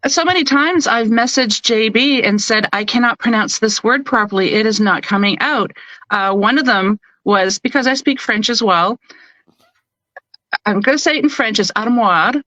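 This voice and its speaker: A Canadian woman, an audiobook narrator, chatting as an interview guest and telling stories in a lively, animated way. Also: fairly high pitch, normal speed, dry recording, rough recording. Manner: chatty, animated storyteller who acts out quotes. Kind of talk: casual interview chat.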